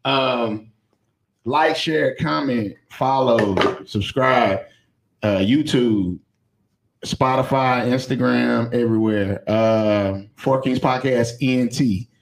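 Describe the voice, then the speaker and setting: A man's voice: mid-range voice, takes it slowly, vocal fry, low-quality recording. A man hosting a podcast in casual chat, laid-back and easy. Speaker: podcast host.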